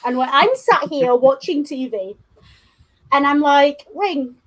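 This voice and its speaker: A woman with a high, light voice chats on a casual podcast. She is blunt and sweary and tells her stories with plenty of animation. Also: steady tone, a little slow. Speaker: co-host.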